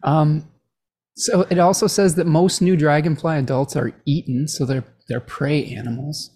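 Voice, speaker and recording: A woman's voice: low voice, fairly even intonation, normal speed, dark tone, slightly rough. A middle-aged woman co-hosting a casual astrology chat, rambling and chatty and laughing often. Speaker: podcast co-host.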